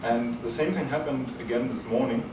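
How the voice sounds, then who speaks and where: A man hosting a live event, speaking to the audience in a halting way with many fillers. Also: medium pitch, fairly even intonation. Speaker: event host. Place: event hall. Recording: very echoey hall, mic far off, noisy.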